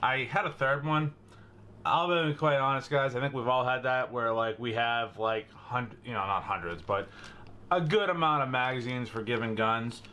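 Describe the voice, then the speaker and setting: A man's voice: medium pitch, moderate pace, bright, forceful tone, slight background noise. A young man with a Boston accent hosting a casual gun-maintenance how-to, chatty and jokey, calling his viewers guys and bro. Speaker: gun channel host.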